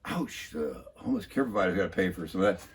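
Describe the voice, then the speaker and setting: A man recapping a city council meeting in a mocking, wry way, pausing often with filler sounds. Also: low-pitched, expressive, slight background noise. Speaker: local political commentator.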